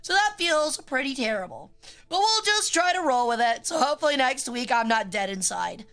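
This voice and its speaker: A woman's voice: high-pitched, sing-song, normal speed, fairly bright tone. A young adult woman streaming, chatting casually in a rambling, joking way with frequent swearing.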